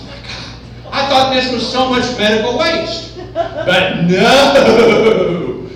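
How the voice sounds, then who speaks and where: Man, high lively voice, comic storyteller playing it up, heard from afar in an echoey hall. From Oklahoma. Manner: animated, playfully exaggerating. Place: event hall, indoors. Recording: echoey hall, distant mic, background noise.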